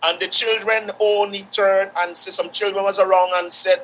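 A man's voice: high-pitched, little pitch movement, normal speed, few pauses, a bit bright, slight background noise, rough recording. A man preaching a sermon, repeating phrases for emphasis and quoting scripture.

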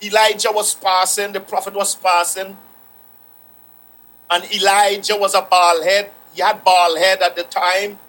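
A man's voice: sits high, little pitch movement, measured pace, fairly bright tone, poor audio. A man preaching a sermon, repeating phrases for emphasis and quoting scripture.

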